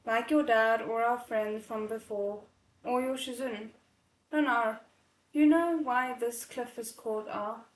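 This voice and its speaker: A woman's voice: a little high, measured pace, roomy sound, poor audio. A woman reading a novel aloud, breaking off for emotional, tearful comments. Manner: emotional, tearful asides between passages. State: choked up from crying. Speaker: novel readalong host.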